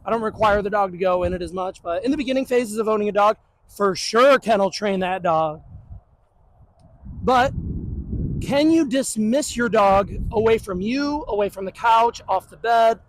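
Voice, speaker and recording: A man's voice: sits high, moderate pace, a little hiss or hum, poor audio. A man who trains dogs, explaining in a blunt, joking, casual way. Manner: blunt and joking, puts on the dog's voice. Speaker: dog trainer. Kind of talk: casual teaching talk.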